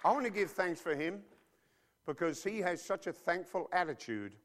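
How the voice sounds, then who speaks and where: A man's voice: sits high, animated, moderate pace, a crowd in the background, noisy background. A man preacher delivering a sermon emphatically and bluntly, with informal slang and frequent rhetorical questions to his listeners.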